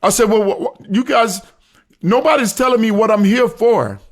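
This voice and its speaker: High-voiced man, earnest and repetitive. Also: normal speed. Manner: earnest, repeats himself for emphasis. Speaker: storyteller recounting his arrest. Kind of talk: casual spoken storytelling.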